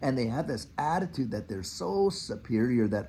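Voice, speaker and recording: Animated middle-aged ranting commentator. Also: mid-range voice, moderate pace, few pauses, slight background noise. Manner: animated, ranting, mock-quoting officials. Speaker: finance channel host. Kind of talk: casual commentary monologue.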